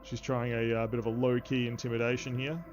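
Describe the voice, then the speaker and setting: A man narrating as game master of a tabletop game, with many halting fillers, in a slightly dull recording with faint music behind. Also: mid-range voice, level tone.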